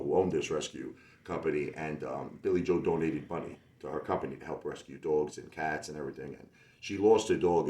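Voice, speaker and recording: A man's voice: a bass voice, a little mellow. A man, a singer-songwriter, telling a rambling, casual story full of asides and fillers. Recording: roomy echo with faint music behind.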